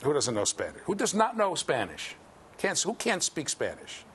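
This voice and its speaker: A man giving a university lecture, lively and joking as he quizzes his students. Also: fairly high pitch, moderate pace, a little hiss or hum. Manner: lively, jokey, quizzes the class. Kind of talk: classroom lecture. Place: lecture hall.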